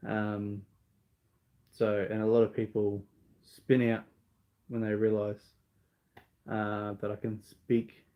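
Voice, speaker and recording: A man's voice: lowish voice, a little mellow, rough recording. A man with an Australian accent answering viewer questions in a casual live Q&A, talking in an earnest, rambling way full of ums and restarts.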